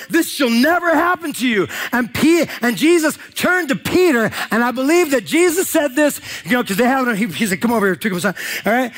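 Man, pastor, sermon, high voice, casual slangy delivery. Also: fairly bright tone.

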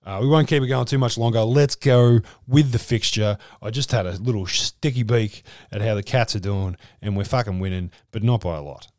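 A blunt Australian man hosting a podcast, chatting casually and swearing freely. His voice is on the low side. The recording is close and dry, with no room around it. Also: fast talker, few pauses, a little mellow, no echo. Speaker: podcast host.

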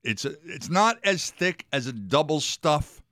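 A man's voice: a little high, animated, slow, a bit bright, dry recording. A man co-hosting a classic rock radio show, chatting casually and laughing hard at his own jokes.

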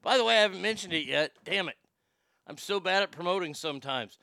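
High, bright-voiced man rambling mockingly. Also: lively intonation, fast, vocal fry, dry recording, clean studio sound. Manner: rambling, stammering restarts, mocking. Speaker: livestream host. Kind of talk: casual commentary.

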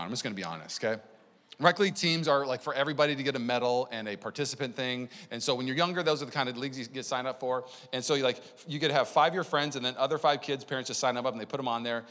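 A man preaching a sermon as pastor, conversational and energetic, telling stories to the congregation. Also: mid-range voice. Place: church sanctuary. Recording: long church hall reverb.

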